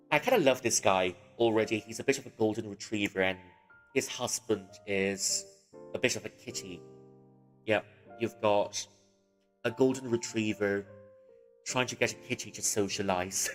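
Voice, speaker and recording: A man's voice: on the low side, normal speed, long reverb tail, soft background music. A man livestreaming as he reads and translates a novel, chatting casually, laughing often and trailing off mid-sentence.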